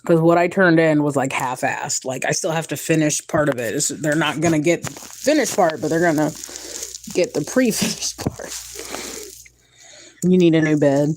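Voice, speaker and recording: A young woman vlogging casually at home, rambling and candid, tired, her voice climbing higher when she gets emotional. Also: normal speed, darkish tone, a little hiss or hum. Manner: rambling, emotional, candid, swings to a high pitch when moved. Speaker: mother vlogging her day. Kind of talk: casual vlog chat.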